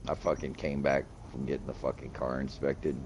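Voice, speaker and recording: A man with an extremely low voice chats while he plays, spinning a profane story full of quoted back-and-forth. The talk is loose and animated. A faint hiss runs under the recording. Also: fairly quick, muffled recording. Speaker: gaming streamer. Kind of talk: casual chat while gaming.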